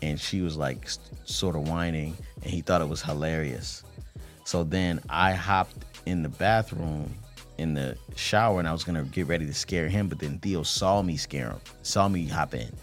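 A man in his thirties co-hosting a marriage podcast, telling a family story in a loose, animated, slangy way. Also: rumbling low, moderate pace, soft background music. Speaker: podcast co-host. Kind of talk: casual chat.

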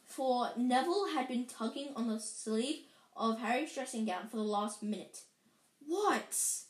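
A woman reading a book aloud casually, stumbling and restarting lines as she corrects herself. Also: a little high. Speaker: reader. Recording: echoey room.

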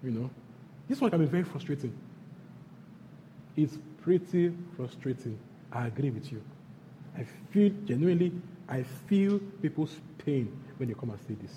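A man with a Nigerian accent preaching a sermon as pastor, repeating his phrases and swinging between loud bursts and hushed lines. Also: medium pitch, animated, moderate pace, long pauses, slight background noise. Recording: long hall reverb, faint background ambience.

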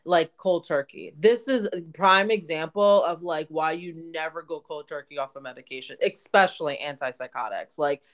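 A woman's voice: sits low, moderate pace, few pauses. A woman co-hosting a podcast in casual chat, blunt and swearing freely, with lots of filler words. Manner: speaks with a confident professional opinion. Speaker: podcast co-host.

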